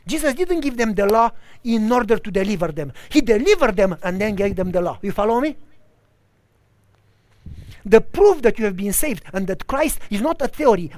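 Man, preacher, sermon, animated storytelling, checks if listeners follow, slightly non-standard English, lively pitch, dry sound. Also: no room sound. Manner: animated storytelling, often asks "you follow me?".

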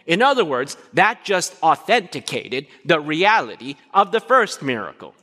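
A man's voice: on the high side, normal speed, hardly any pauses. A man preaching a sermon, asking his listeners questions and acting out short dialogues. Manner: animated, asks the congregation questions. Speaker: pastor. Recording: long hall reverb.

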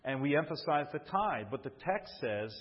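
Husky guy preaching a sermon in a big church, long echo, kinda muffled sound, keeps asking the crowd for an amen. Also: a little high, expressive, moderate pace. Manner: calls out to the congregation for responses; repeats and restarts phrases while preaching. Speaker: pastor. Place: church sanctuary. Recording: long hall reverb, dull muffled sound.

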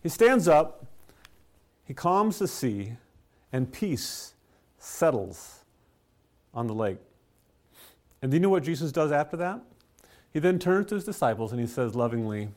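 A man preaching a sermon, telling stories with rhetorical questions and soft chuckles. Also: fairly high pitch, sing-song, a little slow, long pauses. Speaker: pastor.

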